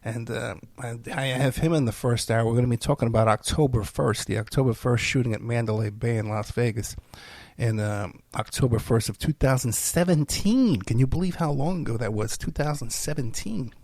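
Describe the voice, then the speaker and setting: A man's voice: medium pitch, brisk, darkish tone, no echo. A middle-aged man hosting a podcast, rambling in a casual, self-deprecating way while sounding tired and unwell. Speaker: podcast host. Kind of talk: casual solo monologue.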